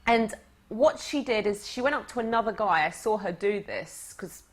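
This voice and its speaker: A woman coaching her audience through a lively story, talking in an animated, conversational way. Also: medium pitch, moderate pace. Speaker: dating coach. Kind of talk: storytelling lesson.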